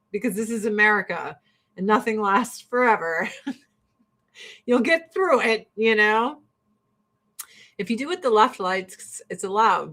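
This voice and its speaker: A woman hosting a livestream, chatting casually in a blunt, profane, animated ranting way with frequent laughter. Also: mid-range voice. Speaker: livestream host.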